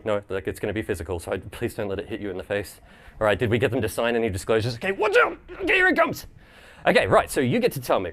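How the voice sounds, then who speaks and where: An Australian man giving a live presentation at a tech event, animated and joking, with quick restarts. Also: medium pitch.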